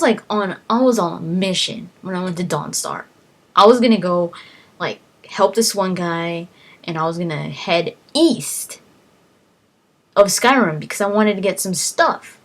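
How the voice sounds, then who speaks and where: A woman casually recounting a video game adventure, rambling with lots of fillers and restarts. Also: medium pitch. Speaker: gaming vlogger.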